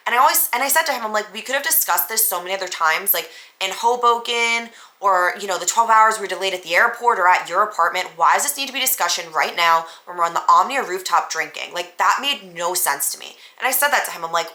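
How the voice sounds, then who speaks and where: A woman, hosting a podcast and telling a story in a casual, animated way, full of "like" fillers and acted-out dialogue. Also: medium pitch, brisk, reverberant. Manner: animated, acts out both sides of the conversation; frequent "like" fillers. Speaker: podcast host.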